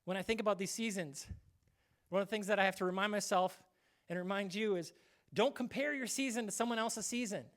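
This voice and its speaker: A man's voice: sits high, brisk, fairly bright tone. A male pastor giving a casual, conversational sermon, acting out short quoted voices now and then.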